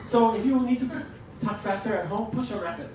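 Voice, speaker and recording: A man leading a teaching workshop, lively and joking as he demonstrates to the audience. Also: high voice, a little fast. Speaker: workshop presenter. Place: lecture room. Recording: echoey hall from a distance, noisy.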